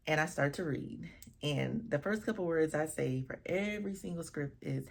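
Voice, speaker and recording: A woman with a low, husky voice and a gravelly edge tells a casual storytime vlog about officiating a wedding. She is animated and expressive, acting out what people said to her. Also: unhurried.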